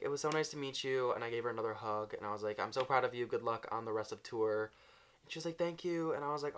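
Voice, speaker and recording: A man's voice: mid-range voice, a bit bright, a little hiss or hum. A young man telling a storytime vlog, bubbly and gushing, with "like" in nearly every line. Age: young adult. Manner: bubbly, gushing, says "like" constantly. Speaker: vlogger.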